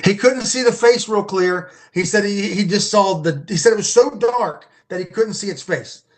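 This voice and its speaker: Male podcast guest, high voice, rambling casual storyteller. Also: moderate pace. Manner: rambling, repeats and restarts words. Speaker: podcast guest, Bigfoot researcher.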